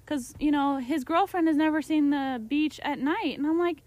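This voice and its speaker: Young woman, high-pitched podcast co-host with animated storytelling and squeaky acted-out quotes. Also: normal speed, few pauses, no echo. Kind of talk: casual chat.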